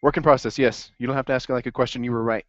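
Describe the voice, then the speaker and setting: A man teaching an accounting class in a lively classroom lecture, quizzing students as he goes. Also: medium pitch, rapid-fire, dry recording. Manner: upbeat, asks the class questions. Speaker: accounting instructor. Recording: dry, dull lo-fi classroom recording.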